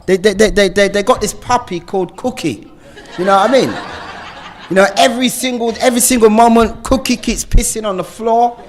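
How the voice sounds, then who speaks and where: A middle-aged man, telling his recovery story in a lively way, often laughing and asking "do you know what I mean?". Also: high voice. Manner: animated storytelling with frequent laughs and rhetorical questions. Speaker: recovery speaker. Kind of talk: personal recovery share.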